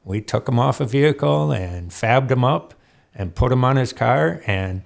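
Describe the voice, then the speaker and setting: A man spinning old racing stories as a guest in a studio. He is lively and quick to laugh, and he slips into other people's voices as he goes. His pitch sits mid-range for a man. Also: creaky. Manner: animated, laughs often, acts out quotes. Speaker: guest, off-road racer. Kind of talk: storytelling interview chat.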